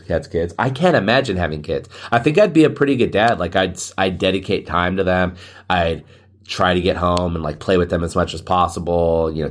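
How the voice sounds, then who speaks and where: A man hosting a casual solo podcast, rambling and joking, often laughing at himself. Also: deep voice. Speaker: podcast host.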